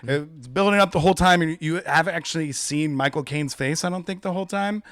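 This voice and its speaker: A man's voice: fairly high pitch, a little fast, fairly bright tone, dry recording. A young man co-hosting a podcast in casual chat, animatedly retelling movie scenes and acting out lines. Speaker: podcast co-host.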